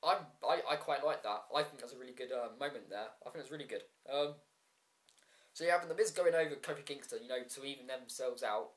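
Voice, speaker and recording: A man's voice: medium pitch, fast. A man giving a casual solo review vlog, frustrated and ranting, with many ums and restarts and sarcastic asides. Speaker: wrestling show reviewer.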